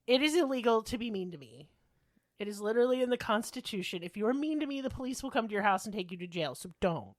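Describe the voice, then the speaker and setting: A woman's voice: on the high side, lively intonation, fast, no room sound, clean studio sound. A woman co-hosting a podcast in casual chat, sassy, profane and self-mocking. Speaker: podcast co-host.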